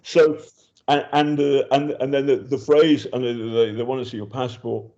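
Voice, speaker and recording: An older British journalist gives a casual spoken report from a war zone, chatty and hesitant with many ums and restarts. His mid-range voice is mellow and level in tone at a moderate pace, the recording muffled.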